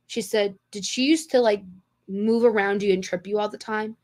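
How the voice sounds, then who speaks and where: A woman's voice: on the high side, expressive, normal speed, darkish tone. A young woman co-hosting a casual podcast, telling a long story in a rambling way with lots of fillers and restarts. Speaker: podcast co-host. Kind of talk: casual chat.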